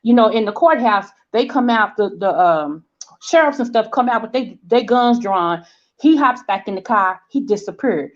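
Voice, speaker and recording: A woman's voice: fairly high pitch, moderate pace. A woman in her forties with a Southern American accent, telling a story in casual chat and acting out the voices of people in it. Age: 40s. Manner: animated storyteller, acts out quoted voices, checks in with "okay?". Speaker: vlog host. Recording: dull lo-fi sound.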